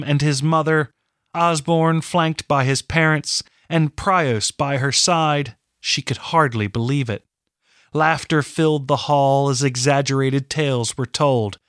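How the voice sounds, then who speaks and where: A man narrating a fantasy audiobook in a measured, deliberate storytelling manner. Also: a little high, fairly bright tone, smooth, dry recording, studio quality. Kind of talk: scripted narration.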